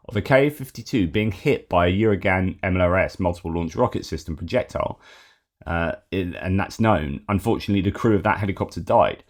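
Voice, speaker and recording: A man's voice: sits low, a little fast. A man delivers solo news commentary. His talk is conversational, with frequent fillers and self-corrections. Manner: conversational, many fillers and restarts.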